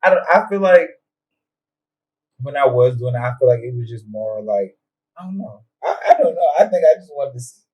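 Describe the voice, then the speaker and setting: A man's voice: mid-range voice, lively intonation, fairly quick, dull audio. A man co-hosting a podcast in casual chat, easygoing and teasing, often stopping and restarting his sentences. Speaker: podcast co-host.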